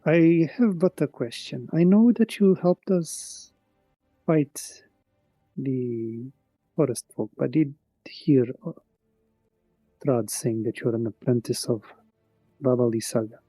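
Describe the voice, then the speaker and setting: A man's voice: mid-range voice, takes it slowly, pauses often, dark tone, slightly rough, dry recording, faint music behind, low-quality recording. A man voicing a cautious woman from a winery who asks hesitant, polite questions. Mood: wary.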